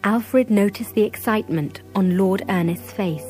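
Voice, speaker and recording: Woman, story narrator, measured clear reading, mid pitch, soft music behind. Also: low-quality recording.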